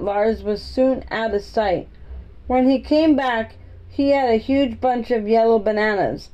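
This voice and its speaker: A woman's voice: a little high, a little slow, highs cut off. A woman reading a children's book aloud, steadily, with small slips and restarts. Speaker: reader.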